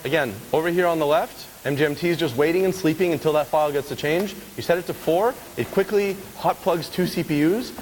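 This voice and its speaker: A man's voice: fairly high pitch, brisk, few pauses, a little mellow, some chatter behind. A man giving a casual live technical demo at a conference, chatty and often checking in with the audience. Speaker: conference speaker. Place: conference lecture hall. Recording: reverberant hall with faint hiss.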